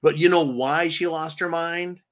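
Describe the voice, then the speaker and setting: A man's voice: a little high, steady tone, measured pace, a bit bright. A man hosting a livestream, reading viewer comments and mocking the news in a sarcastic, casual way with many fillers. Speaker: livestream host.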